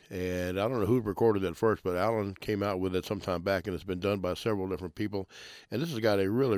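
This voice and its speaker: A man with a fairly low voice introduces records on a radio show. He talks in an easygoing, musing way and sometimes stops to search for a detail. The sound is dry and close, with no room around it. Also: a little mellow, no room sound. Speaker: radio music host. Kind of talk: casual commentary introducing songs.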